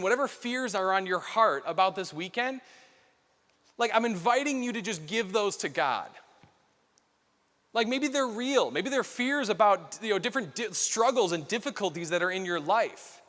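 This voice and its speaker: A man's voice: high-pitched, fairly bright tone. A man in his thirties giving an earnest, conversational conference keynote, full of casual fillers, on a stage microphone. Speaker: keynote speaker. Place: large hall. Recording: long hall reverb.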